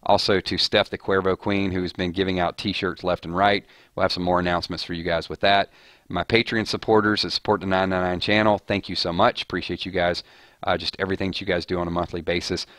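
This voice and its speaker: Rambling male streamer with a low voice. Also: little pitch movement, brisk, a bit bright, no echo. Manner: rambling, with frequent restarts and filler. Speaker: host of a live show about a TV series. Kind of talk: casual live-stream chat.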